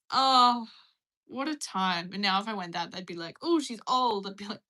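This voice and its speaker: A woman's voice: mid-range voice, sharp tone. A young British woman chatting casually on a live stream, giggly and rambling, calling out to her pet now and then.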